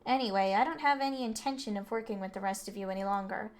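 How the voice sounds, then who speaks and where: A woman's voice: medium pitch, fast talker, natural voice. A woman reading an arrogant, cold rich teenage heir, speaking haughtily and condescendingly. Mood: haughty. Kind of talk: reading game dialogue aloud.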